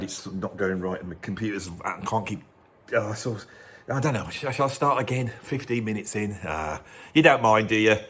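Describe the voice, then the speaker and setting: A man's voice: mid-range voice, a bit bright. A middle-aged man, hosting a casual music vlog in a cold room at home, rambling and often breaking off mid-thought. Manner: rambling, digressive, self-interrupting. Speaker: music video host.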